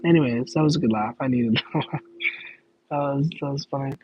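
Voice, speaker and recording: A man's voice: mid-range voice, fairly quick, highs cut off, slight background noise. A man chatting casually on a live question-and-answer stream, rambling, stopping to correct himself and laughing in disbelief.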